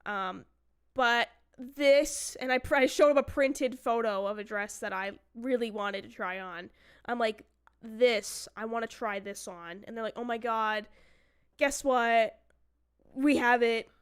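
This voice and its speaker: A woman's voice: a little high, unhurried, clean tone. A woman streamer telling a long story in casual chat, acting out quotes and swearing now and then. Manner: chatty storyteller who acts out quotes and swears.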